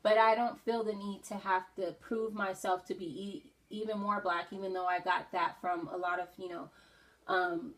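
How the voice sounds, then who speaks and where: A woman's voice: medium pitch, level tone, normal speed, a bit bright, rough recording. A woman beauty vlogger talking casually while doing her makeup, earnest and reflective, with many "you know"s.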